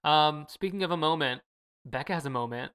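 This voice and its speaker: Low-voiced sarcastic podcast co-host woman. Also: fairly quick, a bit bright, clean tone. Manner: chatty, sarcastic, lots of fillers. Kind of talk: casual chat.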